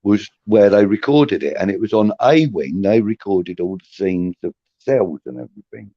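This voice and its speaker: A man's voice: fairly low pitch, animated, moderate pace, gravelly, dry recording. A man, casually telling cheeky anecdotes on a podcast and often saying "you know what I mean". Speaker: podcast co-host. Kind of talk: casual storytelling chat. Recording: dull lo-fi sound.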